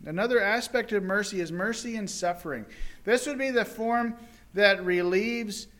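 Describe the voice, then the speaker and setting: A male preacher giving a sermon, retelling a parable in animated, dramatic storytelling. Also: high voice, normal speed.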